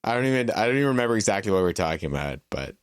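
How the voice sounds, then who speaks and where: Brief: playful male co-host with a lively, bouncing voice, dry close recording. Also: lowish voice, racing, smooth, no echo. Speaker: podcast co-host. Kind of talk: casual podcast chat.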